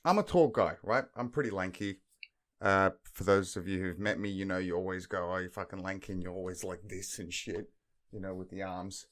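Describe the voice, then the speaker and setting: A man's voice: sits low, normal speed. A young man co-hosting a podcast, telling crude stories full of swearing and acted-out quotes. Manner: swears constantly, animated storytelling with acted-out quotes. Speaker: podcast co-host. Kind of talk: casual crude banter.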